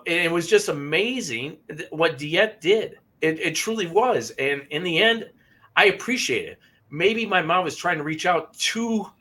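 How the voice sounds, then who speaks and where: A man co-hosting a paranormal podcast, telling a personal story in a halting, emotional way and often repeating himself. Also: a little high, pushed and bright. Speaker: podcast co-host. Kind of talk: casual storytelling.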